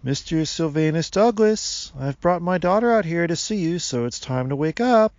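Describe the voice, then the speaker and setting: A man's voice: a little high, lively intonation, a little fast, no room sound, pitched above the performer's own voice, close to an everyday voice. An earnest, eager father who pleads with his wife and coaxes his shy daughter, as a male reader puts him on. His voice lifts a little above the narration. The recording is dry and somewhat muffled.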